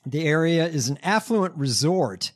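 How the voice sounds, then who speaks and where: A man's voice: on the high side, lively intonation, measured pace. A man from the United States hosting a casual comedy chat, reading news items aloud with a wry tone. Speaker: podcast host.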